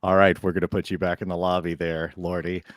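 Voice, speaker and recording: A man narrating as game master of a tabletop game, laughing often and talking in an unhurried way with fillers. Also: low-pitched, level tone, no echo, clean studio sound.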